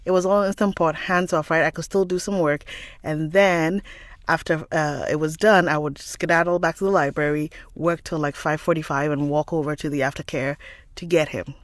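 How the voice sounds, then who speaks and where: A woman's voice: sits low, steady tone, normal speed, dry recording. A woman hosting a book channel, telling a long rambling story in casual chat, laughing often.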